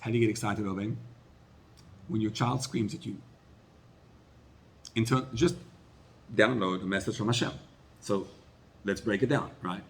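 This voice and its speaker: Man, rabbi, sermon, emphatic peaks, quiet asides. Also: on the low side, moderate pace, pauses often, a little hiss or hum. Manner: animated preacher, rising to loud emphatic peaks then dropping to quiet asides.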